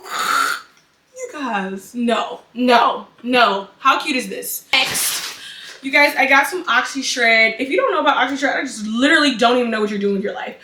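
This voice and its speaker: A young adult woman vlogging a casual haul, dramatic, excitable and chatty. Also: a little high, moderate pace, a little hiss or hum. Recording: echoey room, mic at a distance.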